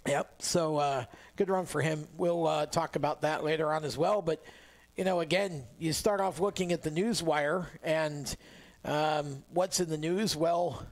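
Guy hosting a racing radio show, kinda high voice, lots of um and uh, laid back studio chat. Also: measured pace. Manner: relaxed, chatty, many fillers and restarts. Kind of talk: casual motorsport radio talk.

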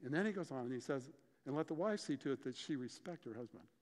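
A man preaching a sermon, explaining scripture and telling stories with lively, acted-out dialogue. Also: mid-range voice, quick pace. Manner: animated storytelling, acts out dialogue. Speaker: pastor. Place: church sanctuary. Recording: church hall reverb.

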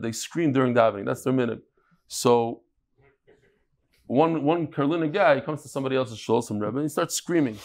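A man with a medium-pitched voice teaches a daily Talmud class, telling stories with animated energy. He mixes Hebrew and Yiddish terms into his English.

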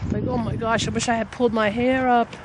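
A woman, narrating a casual nature vlog by a river and roadside, full of excited exclamations, recorded on a handheld camera. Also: fairly high pitch, fast, a crowd in the background, rough recording. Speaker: nature vlogger. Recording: outdoor traffic noise behind.

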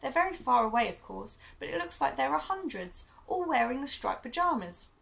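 A woman's voice: sits high, very animated, a little fast, creaky, fairly bright tone, pitched above the performer's own voice, full character voice. A woman reading the part of a curious, earnest young boy, raising her voice to sound eager.

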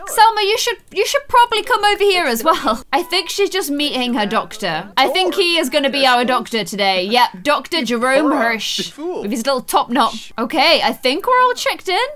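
A young Irish woman giving excited let's-play commentary, gasping and squealing often as she plays. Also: sits high, normal speed, hardly any pauses. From Ireland. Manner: excitable, frequent gasps and squeals. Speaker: gaming YouTuber.

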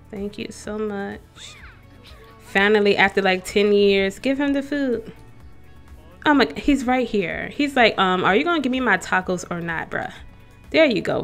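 Young woman, let's play host, chatty commentary over faint game music. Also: medium pitch. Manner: chatty, talks to the game characters and viewers. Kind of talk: casual gameplay commentary.

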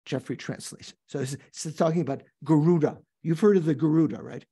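An older man teaching a class on a Buddhist text, reading passages aloud and explaining them in a thoughtful, halting way, with questions to his students. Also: on the high side, dark tone, husky.

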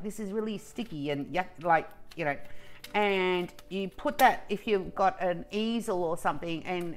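A woman in a casual unboxing vlog who gushes with emotion and often breaks off in the middle of a sentence. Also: medium pitch. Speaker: vlogger.

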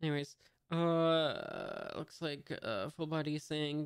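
A man's voice: on the high side, huge pitch swings, slow pace, gravelly, few pauses, clean tone, no room sound, studio quality. A man reading a comic aloud in a casual, hesitant way, full of fillers and reading out sound effects. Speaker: manga reader.

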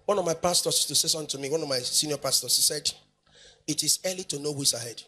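A man's voice: a little high, racing, bright, forceful tone. A male pastor, preaching emphatically in a sing-song way, repeating phrases and asking the congregation questions. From Nigeria. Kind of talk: preaching sermon.

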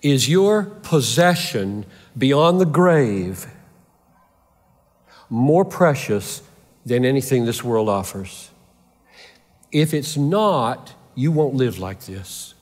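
A man's voice: medium pitch, animated, slow pace, pauses often, darkish tone. A man preaching a sermon with fervor, driving his points home through repeated rhetorical questions. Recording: long hall reverb.

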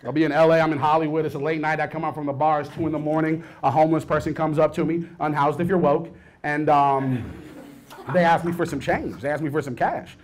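A man in his thirties performing a stand-up comedy set, swinging between low mumbled asides and loud outbursts. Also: steady tone, fast talker. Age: 30s.

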